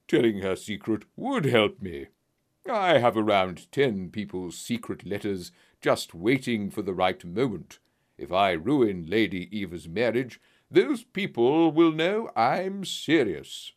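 A man voicing a smooth, menacing middle-aged blackmailer, slow and mocking in a storybook reading. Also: lowish voice, big pitch swings. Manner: slow, mocking and falsely sorrowful.

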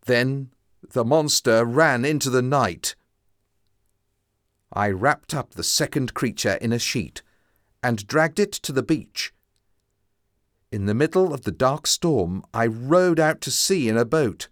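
Slow, expressive male storybook reader. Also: mid-range voice, no echo, clean studio sound. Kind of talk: scripted narration of a simplified classic.

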